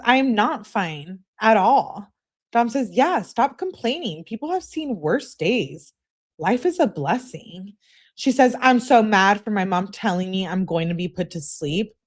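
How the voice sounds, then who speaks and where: A woman reads text messages aloud as a true crime commentator, her pitch rising and falling in a lively way. She breaks in with sarcastic, mocking remarks between the messages.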